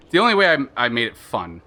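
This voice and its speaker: A man's voice: medium pitch, huge pitch swings, normal speed, bright, forceful tone. A man streaming a video game, commenting in a casual, rambling way with lots of fillers. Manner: rambling, chatty, lots of fillers and self-interruptions. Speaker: gaming streamer.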